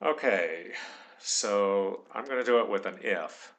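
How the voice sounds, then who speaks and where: Slow, bright-voiced man teaching. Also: lowish voice, lively intonation, muffled recording. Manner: slow, thinking aloud, dictating punctuation. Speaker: tutorial instructor. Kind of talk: screen-recorded tutorial.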